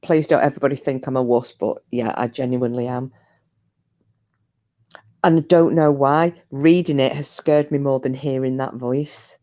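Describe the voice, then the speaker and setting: A woman's voice: extremely low pitch, steady tone, normal speed, mellow, lo-fi sound. A British woman hosting a live stream from her sofa at home, chatting casually with a nervous, giggly manner.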